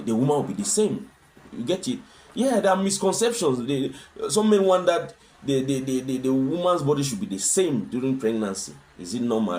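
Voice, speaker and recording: A man's voice: fairly high pitch, darkish tone. Earnest man answering interview questions. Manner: earnest, asks rhetorical questions. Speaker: husband sharing his experience as a guest.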